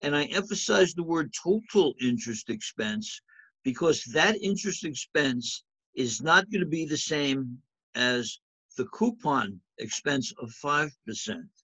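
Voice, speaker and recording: A man's voice: fairly high pitch, animated, unhurried, bright, forceful tone, husky, no echo, low-quality recording. A man teaching accounting in a lecture over slides, talking in a conversational way and asking the class rhetorical questions. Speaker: accounting instructor.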